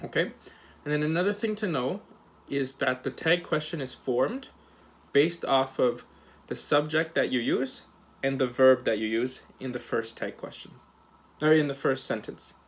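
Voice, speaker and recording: Male teacher, mid-pitched voice, casual recorded grammar lesson, lots of ums and restarts, demonstrates intonation on examples. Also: normal speed. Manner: relaxed, hesitant, many fillers and restarts; acts out example questions with rising and falling intonation. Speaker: English teacher.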